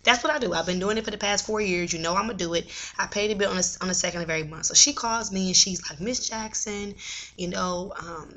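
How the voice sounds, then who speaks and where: A young adult woman talking straight to camera in a casual vlog, venting in an animated way and swearing now and then. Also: medium pitch, racing. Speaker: vlogger.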